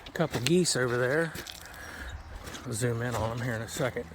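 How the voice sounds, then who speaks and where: A man's voice: medium pitch, brisk, pauses often, slight background noise. Folksy man vlogging outdoors by a river. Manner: folksy, chatty, jokey. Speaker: fishing vlogger. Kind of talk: casual vlog narration.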